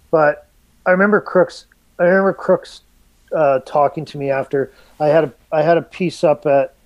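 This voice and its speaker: A man's voice: mid-range voice, darkish tone, dry recording, lo-fi sound. Laid-back man rambling, dry sound. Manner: rambling, lots of fillers and restarts, swears freely. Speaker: artist guest. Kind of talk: casual conversation.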